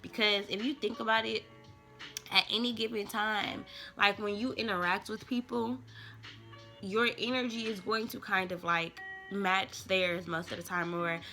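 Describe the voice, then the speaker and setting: A woman's voice: medium pitch, steady tone, unhurried, bright, forceful tone, soft background music. A young woman, a tarot reader, chatting casually and loosely to her viewers in slangy, rambling talk. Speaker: tarot reader and spiritual vlogger. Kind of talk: casual rambling smoke-session chat.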